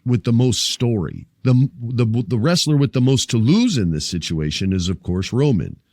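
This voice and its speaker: A man's voice: normal speed, dry recording, clean studio sound. A man hosting a casual wrestling podcast, talking animatedly, swearing freely, joking with listeners and acting out wrestlers' lines. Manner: animated, acts out wrestlers' lines in higher, louder voice. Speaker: podcast host.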